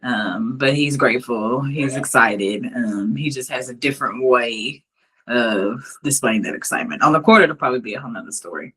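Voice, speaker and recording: Low, bright-toned woman co-host; easygoing mom storyteller. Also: normal speed, slightly rough. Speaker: podcast co-host, mother. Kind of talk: casual chat.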